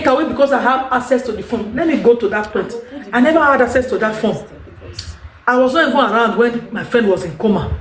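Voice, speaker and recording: A Nigerian woman talking straight to her viewers, emphatic and rambling, repeating her points. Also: a little high. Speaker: vlogger. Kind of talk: unscripted monologue to viewers. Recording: echoey room.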